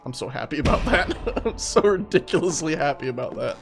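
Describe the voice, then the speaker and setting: A young man giving rambling, excitable, profane commentary while streaming a game. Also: a little high, normal speed, creaky, faint music behind. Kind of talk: casual let's-play commentary.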